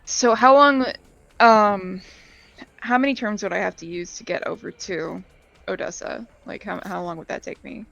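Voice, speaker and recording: A woman's voice: mid-range voice, fairly even intonation, normal speed, gravelly, a bit bright, muffled recording, faint music behind. A woman playing a tabletop game over a video call, hesitant and thinking aloud with many fillers. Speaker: player.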